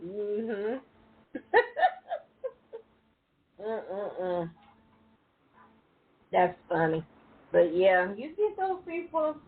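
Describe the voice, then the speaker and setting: A woman's voice: medium pitch, animated, very slow, long pauses, slightly rough. A woman hosting a casual podcast chat, talking about herself and laughing often. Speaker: podcast host. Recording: tinny phone-like line.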